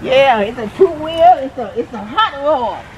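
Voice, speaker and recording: A woman's voice: high voice, lively intonation, unhurried, a loud crowd, low-quality recording. An older woman chatting affectionately with family outdoors, rambling as she points things out. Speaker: mother of the vlogger. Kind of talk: casual family talk. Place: outdoors at her house.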